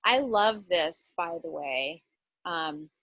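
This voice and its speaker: A woman's voice: fairly low pitch, animated, takes it slowly, a bit bright, no echo. A woman leading an online workshop over a video call, chatty and encouraging, talking in loose, rambling sentences. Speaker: workshop facilitator. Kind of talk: casual online workshop talk.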